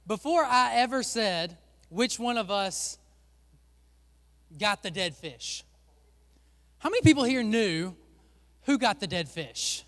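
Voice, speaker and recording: A man's voice: high voice, fairly bright tone, big-room sound. A male pastor giving a playful sermon, joking and chatting with volunteers on a church stage.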